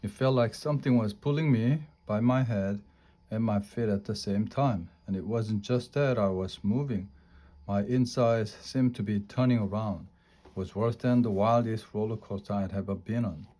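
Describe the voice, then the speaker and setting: A man reading a children's storybook aloud in a steady, clear narrating voice. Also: on the low side, moderate pace.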